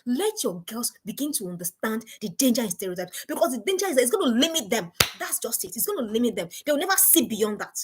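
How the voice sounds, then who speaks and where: A woman in middle age gives a motivational talk to parents. Her voice sits fairly high and sounds husky. Her pitch rises and falls widely as she presses her points with repeated questions. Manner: emphatic, repeats rhetorical questions. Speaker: parenting speaker.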